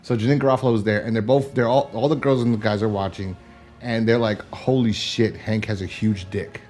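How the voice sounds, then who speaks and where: A man's voice: on the low side, brisk, faint music behind. A man retelling a TV episode in casual chat, acting out characters and laughing often. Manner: animated storyteller, acts out characters, laughs often, swears. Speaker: podcast co-host.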